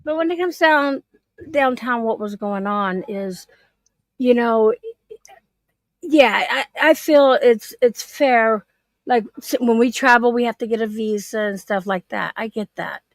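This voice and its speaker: A middle-aged woman chatting casually and spinning stories, laughing easily and dropping the odd swear word. Her voice sits a little high, and the recording is close and dry, with no room around it. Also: a little slow, no echo. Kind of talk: casual chat, storytelling.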